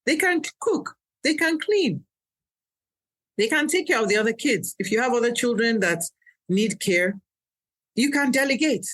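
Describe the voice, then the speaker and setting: A woman's voice: a little high, measured pace, pauses often. Woman pediatrician explaining newborn care. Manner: calm explanatory, practical advice. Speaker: pediatrician guest. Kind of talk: educational podcast talk.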